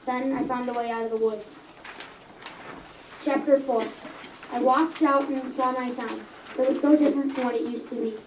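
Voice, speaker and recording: High-pitched young reader in an echoey café. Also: female voice, steady tone, normal speed, slight background noise. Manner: earnest, with small stumbles and self-corrections. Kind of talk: reading own story aloud. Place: coffee house. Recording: echoey room, mic at a distance.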